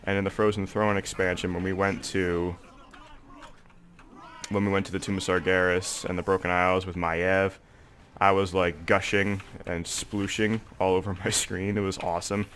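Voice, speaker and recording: Congested young man, low voice. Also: flat delivery, normal speed, a bit bright, a little hiss or hum. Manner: rambling, heavy on fillers like "like" and "um". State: congested, sore throat. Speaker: gaming video creator. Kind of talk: casual gameplay commentary.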